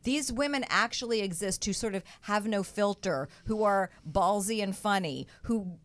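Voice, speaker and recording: A woman's voice: medium pitch, moderate pace. A woman who is a comedian and actress, explaining her views earnestly and emphatically as a talk show guest.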